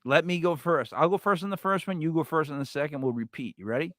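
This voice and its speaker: A man hosting a live stream, chatting casually and telling stories with lots of restarts and sudden loud yells. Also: fairly high pitch, fast talker, dry recording, studio quality. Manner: rambling storyteller with many restarts, bursts into loud yells. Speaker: livestream host.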